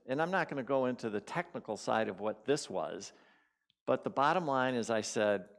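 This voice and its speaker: A man gives a relaxed, story-driven spiritual talk from the front of a congregation. He speaks casually and repeats key words to drive them home, in a mid-pitched, everyday voice. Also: normal speed. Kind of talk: conversational sermon with personal stories.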